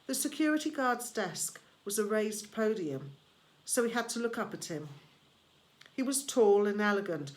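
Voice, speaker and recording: Female audiobook reader, slow and measured, expressive first-person narration. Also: mid-range voice.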